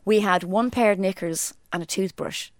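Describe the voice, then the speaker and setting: A woman's voice: mid-range voice, moderate pace, no echo, studio quality. A young Irish woman co-hosting a podcast in casual chat, telling stories in a wry, teasing way. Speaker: podcast co-host.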